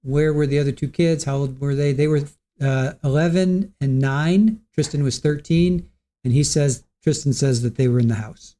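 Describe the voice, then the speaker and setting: A man's voice: a little high, normal speed, mellow. Hesitant man thinking aloud on a livestream. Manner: reads viewer comments and answers them. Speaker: livestream host. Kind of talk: casual commentary reading chat.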